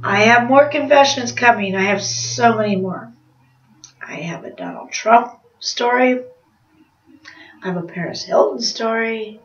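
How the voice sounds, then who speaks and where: A woman's voice: a little high, measured pace, long pauses. A woman vlogger telling a rambling confessional story in a chatty way, laughing at herself. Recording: roomy, distant, slightly dull sound.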